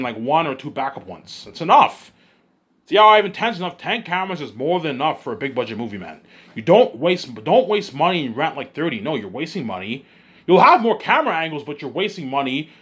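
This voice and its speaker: A man rambling in an excited monologue, often repeating himself and restarting his sentences. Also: a little high, husky. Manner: excitable, repeats himself, puts on voices of others. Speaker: vlogger.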